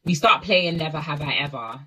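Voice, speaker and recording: A woman's voice: sits low, a little fast, husky, low-quality recording. A woman telling a casual storytime monologue to camera and acting out each quoted line. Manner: animated, acts out the quotes. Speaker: storyteller in a clip.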